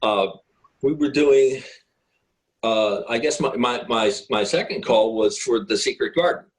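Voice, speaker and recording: A man's voice: medium pitch, unhurried, rough recording. A middle-aged man, a guest guitarist, telling rambling anecdotes in a casual interview, with many fillers and restarts.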